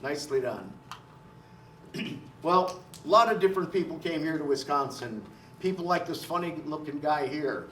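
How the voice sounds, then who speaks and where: A man's voice: fairly high pitch, animated, normal speed, fairly bright tone, slight background noise. A man, a folk singer and storyteller, talking in a folksy, colloquial way during a live music program for an audience. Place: live performance space with audience. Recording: roomy live recording, mic at a distance. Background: banjo and dulcimer playing.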